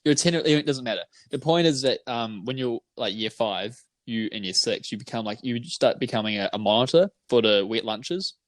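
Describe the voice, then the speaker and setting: A man's voice: medium pitch, normal speed, few pauses, dry recording. A young man with a New Zealand accent, rambling, stumbling and laughing in casual podcast chat. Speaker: podcast co-host.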